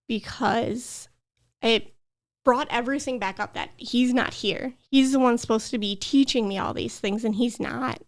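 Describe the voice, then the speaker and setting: A woman's voice: on the high side, creaky. A young adult woman, a podcast guest, earnestly telling a personal story with emotion. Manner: earnest, emotional, tearful at times.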